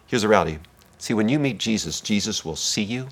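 A man preaching a sermon as pastor, swinging between hushed, intimate lines and loud, emphatic ones. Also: fairly low pitch, lively intonation, brisk, slightly rough.

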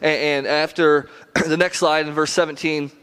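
A man's voice: fairly high pitch, level tone, moderate pace, fairly bright tone, smooth. A male preacher giving a casual sermon, conversational, with rhetorical questions and slangy asides.

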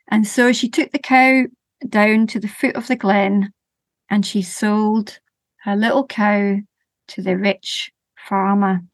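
A woman, a storyteller who tells folk tales in a slow, rhythmic, expressive way and talks about her work as a guest. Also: medium pitch, no echo. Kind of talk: oral folk storytelling and interview talk.

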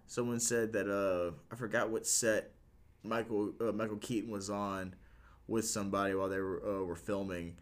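A man's voice: fairly even intonation, moderate pace. A man in his thirties co-hosting a podcast, chatting casually and swearing a lot. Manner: swears a lot, bursts into falsetto song. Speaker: podcast co-host. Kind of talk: casual chat.

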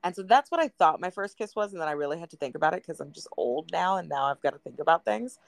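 A woman's voice: lowish voice, lively intonation, fast, gravelly, no echo. A young woman co-hosting a podcast, telling a story casually with fillers and easy laughter. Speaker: podcast co-host. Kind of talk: casual chat.

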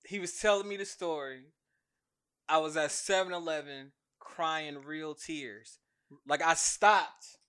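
Guy cohosting a podcast, pretty high voice, kinda sharp, laughs a lot and cusses. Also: fairly even intonation, slow, clear, resonant tone. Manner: loose, laughing, swears freely. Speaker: podcast co-host. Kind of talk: casual chat.

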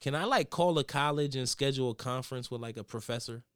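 A young man co-hosting a podcast in casual chat, telling stories in a slangy, excitable way. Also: mid-range voice, quick pace, smooth. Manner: animated, excitable storyteller, slangy. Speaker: podcast co-host.

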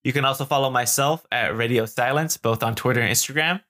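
Bright-voiced chatty male podcast host. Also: medium pitch, quick pace. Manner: chatty, laughs easily, many fillers. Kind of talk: casual chat.

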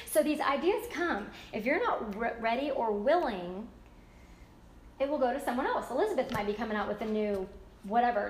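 A woman's voice: sits high, slight background noise. Chatty woman in an echoey room. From United States. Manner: chatty, animated, acts out quoted voices. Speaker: book discussion leader. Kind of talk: casual group talk.

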